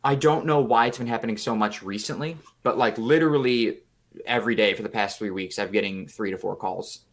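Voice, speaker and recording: A man's voice: on the low side, a little fast. A young man co-hosting a podcast, chatting casually and rambling through stories where he acts out both sides of phone calls. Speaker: podcast co-host. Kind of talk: casual chat.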